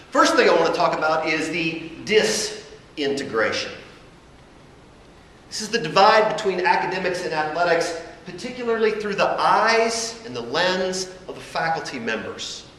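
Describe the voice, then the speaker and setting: Male academic presenter, lecture delivery, deliberate and emphatic, echoey hall with faint room noise. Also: a little high, fairly bright tone. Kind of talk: conference lecture.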